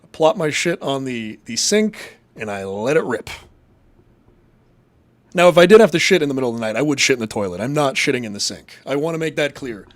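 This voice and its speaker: A man's voice: mid-range voice, expressive, fairly quick. A man from Massachusetts hosting a casual live show, reading chat and rambling in a crude, profane, jokey way.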